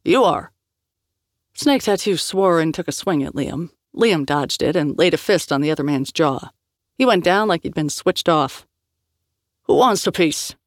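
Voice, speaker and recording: A woman's voice: sits low, lively intonation, no echo. Woman narrating an audiobook, dry. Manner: measured storytelling.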